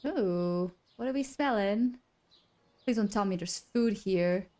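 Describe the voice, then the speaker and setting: A woman's voice: medium pitch, slow pace, darkish tone. A young woman commenting casually on a game as she plays, chatty and emotional, swearing now and then. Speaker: gaming streamer. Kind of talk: let's play commentary.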